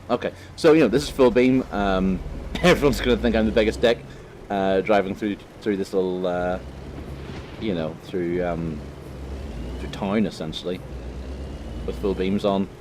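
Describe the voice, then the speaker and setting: A man's voice: low voice, normal speed, a little mellow, a little hiss or hum. A man with a Northern Irish accent giving casual, rambling let's-play commentary, full of fillers and cheerful swearing. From Northern Ireland. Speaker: gaming commentator.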